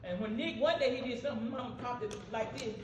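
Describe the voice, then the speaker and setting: A man's voice: extremely high pitch, fast. An older man giving a folksy tribute speech at a family birthday, laughing as he tells stories about his family. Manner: folksy, laughing, talks back to the crowd. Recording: echoey, distant, loud crowd and noise.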